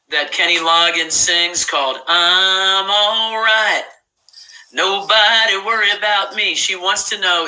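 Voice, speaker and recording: A man giving a psychic reading in a gentle, emotional way. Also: high-pitched, a little hiss or hum, low-quality recording.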